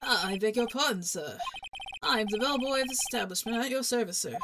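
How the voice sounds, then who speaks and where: A woman's voice: a little high, fairly quick, background noise, lightly acted. A woman voicing a stiff, overly polite male hotel bellboy who speaks formally and keeps adding "sir". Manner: formal, deferential, repeats "sir". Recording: music playing underneath.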